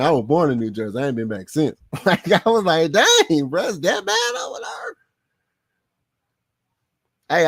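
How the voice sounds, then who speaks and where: A man with a high-pitched voice hosts a live sports podcast in a casual, slangy way, laughing often and repeating himself for emphasis. The studio-quality sound has no echo.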